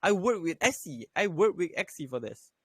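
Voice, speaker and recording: A man's voice: high-pitched, big pitch swings, moderate pace, fairly bright tone, slightly rough, dry recording. A young man and student giving blunt, profanity-laden crypto advice in a casual voice chat, repeating his points. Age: young adult. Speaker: crypto trading voice chat host.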